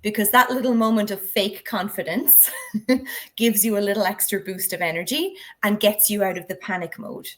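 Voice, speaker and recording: A woman's voice: medium pitch, normal speed, fairly bright tone. Woman explaining a drama classroom game. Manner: instructive, walks through steps with examples. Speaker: drama education trainer. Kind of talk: explanatory conversation.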